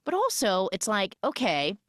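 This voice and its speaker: A woman hosting a podcast, recapping a film in a sarcastic, animated way. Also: medium pitch, normal speed, no room sound, clean studio sound. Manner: sarcastic, animated, mimics characters in exaggerated voices. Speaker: podcast host.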